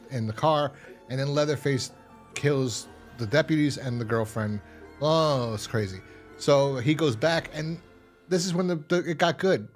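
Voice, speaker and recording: A man hosting a casual film review, rambling through a plot recap with many restarts and quick imitations of characters. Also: mid-range voice. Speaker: host.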